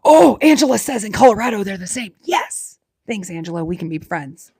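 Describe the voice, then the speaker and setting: A woman with a Southern Alabama accent chats with her livestream viewers in a self-deprecating way. She talks quickly and lets her words slur together. The sound is dry and close, with no room echo. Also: mid-range voice, very animated, gravelly, mellow, slightly rough. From Alabama, USA. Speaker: livestream host. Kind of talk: casual live-stream chat with viewers.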